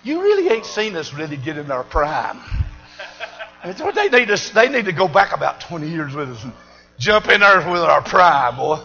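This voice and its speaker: An older man, preaching a fiery sermon in a church and shouting and whooping with exuberance. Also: on the high side, sing-song, normal speed, creaky, dull audio. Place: church service.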